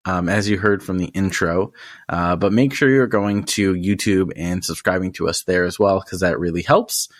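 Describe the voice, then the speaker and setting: A man's voice: low-pitched, moderate pace, no room sound. Laid-back male podcast host, dry sound. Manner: rambling, chuckles often, restarts words. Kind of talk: casual podcast chat. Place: hotel room.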